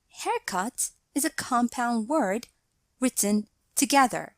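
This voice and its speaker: A woman narrating a scripted English grammar lesson, explaining each point in a deliberate, measured way. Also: on the high side, very animated, dry recording.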